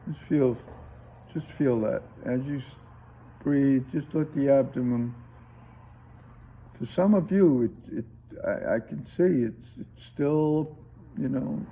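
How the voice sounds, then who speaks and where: A man teaching a breathing class, guiding students with slow, calm, coaxing instructions. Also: mid-range voice, a little hiss or hum.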